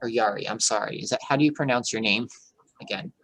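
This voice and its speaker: A man, a childcare director, giving an earnest, explanatory online workshop over a video call and pausing to check for questions. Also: medium pitch, a bit bright, rough recording.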